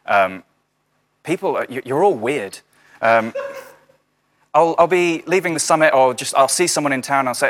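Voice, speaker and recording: A young man gives a relaxed sermon to his house church over a video call. He talks in a chatty way with many fillers, dropping dry jokes between readings, and his voice sits at an ordinary middle pitch. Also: moderate pace, long pauses.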